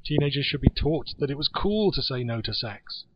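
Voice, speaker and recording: A man's voice: mid-range voice, animated, a little fast, background noise. A man hosting a casual podcast chat, reading out news items with sarcastic asides. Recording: dull lo-fi podcast audio.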